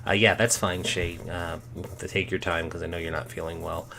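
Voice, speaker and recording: A man's voice: sits low, little pitch movement, vocal fry, background noise. A man running a tabletop game as game master, narrating with many ums and restarts. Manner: halting, full of ums and restarts.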